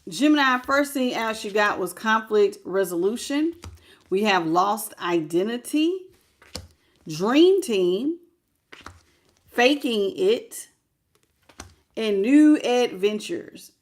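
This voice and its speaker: A woman's voice: mid-range voice, expressive, takes it slowly, long pauses. A woman giving a casual tarot reading, talking bluntly and colloquially and chatting with her viewers. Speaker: tarot reader.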